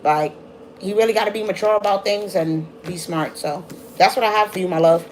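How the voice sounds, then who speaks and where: Lady doing live tarot readings, quick chatty talk, bit of hiss behind. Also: medium pitch. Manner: fast, casual, chatty talk. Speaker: tarot reader.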